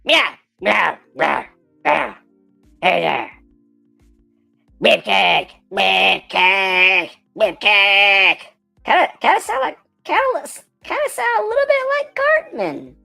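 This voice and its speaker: A man putting on a silly squeaky voice, meowing and whining playfully while he draws. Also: animated, slow pace, creaky, bright, forceful tone, soft background music, full character voice. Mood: whiny. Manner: playful, goofy, meows and squeals between words. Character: silly squeaky meowing cartoonish brat, male. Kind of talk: goofy voice while drawing.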